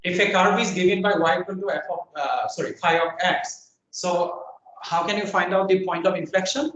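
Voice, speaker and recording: A man's voice: high-pitched, moderate pace, a bit bright. A man giving a university lecture to a class. He repeats his phrases, often says "I mean" and "uh", and keeps checking in with "is it okay? fine.". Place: lecture room. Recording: very echoey room, speaker far from mic, faint noise.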